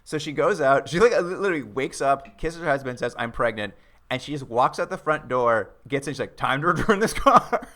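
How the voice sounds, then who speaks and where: A man's voice: medium pitch, a little fast. A man co-hosting a casual comedic chat, retelling a show's plot and mocking its characters in put-on voices. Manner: animated storyteller, acts out characters in mocking voices. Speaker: podcast co-host.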